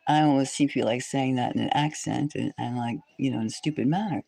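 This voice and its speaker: A woman hosting a psychic livestream, talking in an animated, emphatic way that slips into soft whispers. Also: low voice, brisk, gravelly, rough recording. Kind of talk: casual livestream rant.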